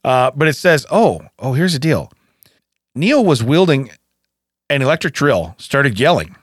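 A man's voice: medium pitch, measured pace, slightly rough, no room sound. A man co-hosting a casual comedy podcast, laughing often as he tells stories, recorded on a studio mic. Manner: laughs often, animated storytelling. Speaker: podcast co-host.

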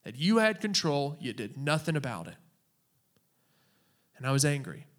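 A man from Oklahoma giving a personal faith testimony in an earnest, halting way, with long dramatic pauses. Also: on the high side, big pitch swings.

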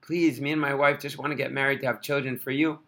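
A man's voice: on the high side, a little slow, sharp tone. A man voicing a young orphan praying with pleading, tearful words.

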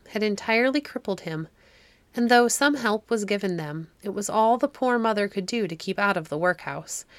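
A woman narrating a classic fairy-tale audiobook in a measured storytelling manner. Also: medium pitch, a bit bright, no room sound.

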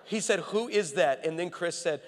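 A man's voice: a little high, moderate pace. A man preaching a sermon, telling stories and building to fervent, repeated calls. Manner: builds to impassioned shouting, rhythmic repetition. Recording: long hall reverb.

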